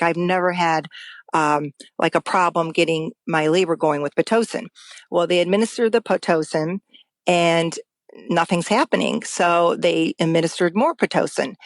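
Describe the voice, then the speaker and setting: A woman's voice: on the low side, dry recording. Earnest woman telling a personal story. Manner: earnest, halting, with frequent fillers and restarts. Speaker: guest sharing a personal story.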